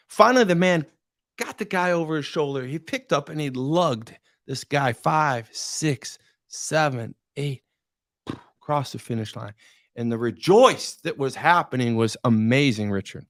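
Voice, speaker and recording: A middle-aged man from Michigan tells a personal story as a podcast guest, building to impassioned peaks and repeating key words. His voice sits a little high, and the recording is dry and close with no room sound. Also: expressive, fairly bright tone, no echo. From Michigan, USA. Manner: impassioned, dramatic pauses, repeats for emphasis. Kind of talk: emotional storytelling in conversation.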